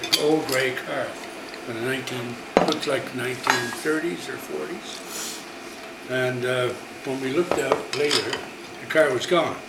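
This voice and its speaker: A man telling a ghost story to visitors in a casual, animated way, acting out the voices he quotes. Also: mid-range voice, unhurried, gravelly, very noisy. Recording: echoey room, loud dish clatter. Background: clattering dishes and cutlery.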